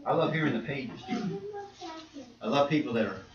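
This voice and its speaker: A middle-aged man preaching a sermon, swinging between quiet asides and loud, emphatic points. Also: medium pitch, normal speed, a crowd in the background. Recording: roomy, distant and dull with faint noise.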